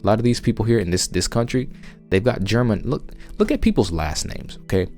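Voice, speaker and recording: Southern US man, very low voice, insistent podcast preacher, faint music behind. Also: animated, a little fast, a little mellow. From United States. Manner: emphatic, insistent, frequent restarts. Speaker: religious podcast host. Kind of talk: conversational Bible teaching.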